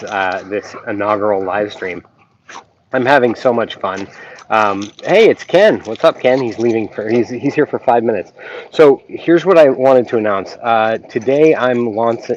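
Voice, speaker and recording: Man, low voice, casual live stream chat, rambling with many ums, muffled lo-fi audio. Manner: rambling, lots of ums, chatty with viewers. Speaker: YouTube reaction channel host. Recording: dull lo-fi sound with faint noise.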